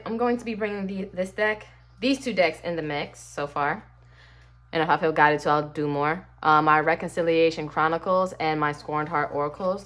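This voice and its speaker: A woman's voice: low-pitched, a bit bright, a little hiss or hum. A woman giving a casual tarot reading and talking straight to the viewer in a chatty, sassy way. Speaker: tarot card reader.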